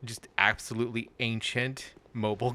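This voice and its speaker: A man's voice: mid-range voice, little pitch movement, moderate pace, pushed and bright, slight background noise. A man chatting casually while playing a game, rambling with many fillers and restarts and swearing freely.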